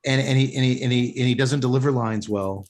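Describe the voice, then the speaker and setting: A man's voice: medium pitch, fast talker. A man hosting a casual podcast chat, rambling and opinionated with frequent restarts. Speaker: podcast host.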